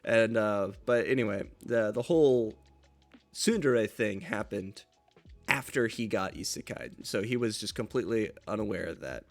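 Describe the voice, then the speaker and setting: A man co-hosting a casual podcast, talking in a relaxed, halting way with plenty of fillers. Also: fairly low pitch, soft background music. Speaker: podcast co-host. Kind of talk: casual chat.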